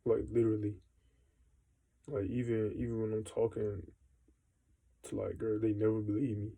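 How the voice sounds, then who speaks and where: A young man rambles through a frustrated, slang-heavy rant, swearing freely as he talks straight to the camera. His voice is very dark and gravelly, with a husky edge. His pitch sits in the middle range for a man. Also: completely flat delivery, moderate pace, low-quality recording. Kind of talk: casual venting monologue.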